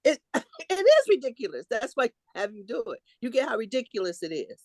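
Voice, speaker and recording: A woman's voice: a little high, big pitch swings, a little fast, a little mellow, no room sound. A woman hosting a group video call, coaching the others and animatedly acting out the voice of resistance.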